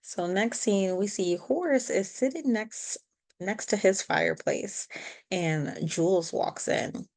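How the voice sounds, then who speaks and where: A woman's voice: medium pitch, slow, gravelly, a little mellow. A woman co-hosting a podcast, casually talking through a TV episode and giving her own take on it. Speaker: podcast co-host.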